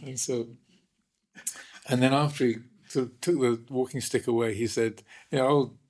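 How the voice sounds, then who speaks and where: A man, a Buddhist monk, telling stories in animated conversation with many restarts. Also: mid-range voice, moderate pace. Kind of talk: conversational storytelling.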